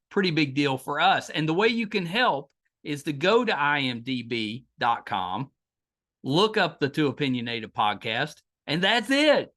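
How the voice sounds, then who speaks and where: A man's voice: fairly high pitch, sharp tone. A man with a West Virginia accent hosting a podcast interview, enthusiastic and friendly. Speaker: podcast host. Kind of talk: casual interview.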